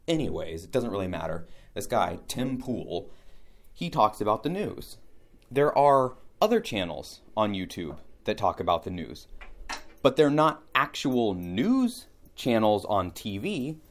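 A man vlogging a casual monologue, musing aloud in a rambling, animated way. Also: mid-range voice, unhurried.

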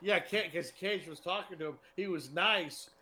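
A man co-hosting a casual podcast, rambling through anecdotes with laughs and loud yelps. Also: sits high, moderate pace, over a noisy crowd. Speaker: podcast co-host. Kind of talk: casual chat.

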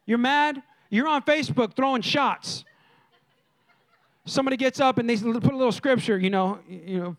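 A man with a strikingly high voice preaches to his congregation. He tells stories in a lively way and talks straight to the people in front of him. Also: moderate pace. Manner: lively storytelling preacher, addresses the congregation directly. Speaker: pastor. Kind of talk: sermon. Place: church.

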